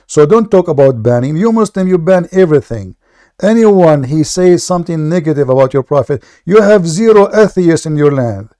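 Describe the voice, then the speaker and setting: Halting, mellow-voiced man debating. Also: on the high side, lively intonation. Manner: halting, many restarts, then heated and forceful. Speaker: debate stream host. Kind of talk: live online debate.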